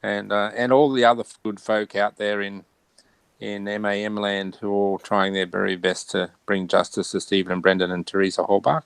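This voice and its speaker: A man with an Australian accent in a relaxed, chatty conversation, laughing often. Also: fairly low pitch, a little fast, creaky, smooth, no echo, low-quality recording. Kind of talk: casual chat.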